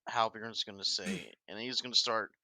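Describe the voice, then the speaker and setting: A man's voice: on the low side, normal speed, sharp tone, dry recording, rough recording. A man playing a tabletop game, speaking bluntly and matter-of-factly. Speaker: player.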